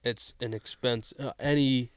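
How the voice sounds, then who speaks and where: An easygoing man in his thirties with a New England accent chats on a podcast, often laughing. His pitch sits in the middle, and the recording is dry and close to the mic. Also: steady tone, a little slow, smooth, no room sound. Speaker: podcast guest, basketball coach, dad. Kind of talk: casual chat.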